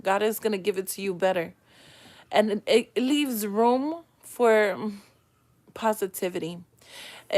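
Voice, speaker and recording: A woman's voice: medium pitch, a bit bright. A woman hosting a livestream, reading comments and talking earnestly and emotionally, with spiritual, pleading encouragement. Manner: heartfelt, tearful, earnest encouragement. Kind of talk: emotional live-stream talk.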